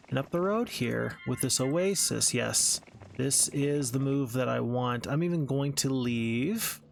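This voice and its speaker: A man's voice: medium pitch, gravelly, slight background noise. Easygoing man narrating his strategy game. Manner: thinking aloud, easygoing and self-mocking. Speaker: gaming channel host. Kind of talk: let's-play commentary.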